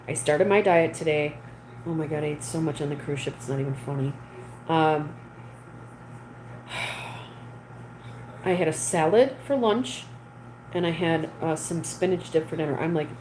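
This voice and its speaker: A woman's voice: low voice, moderate pace, pauses often, darkish tone, a little hiss or hum, poor audio. A woman hosting a casual livestream, chatting with viewers and reading their comments aloud. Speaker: livestream host. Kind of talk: casual live chat with viewers.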